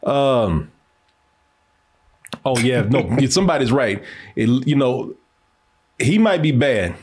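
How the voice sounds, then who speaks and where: A man's voice: medium pitch, very animated, takes it slowly, darkish tone. A man co-hosting a casual movie-reaction chat, talking in loose, laughing, profane banter. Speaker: co-host reacting to film clips.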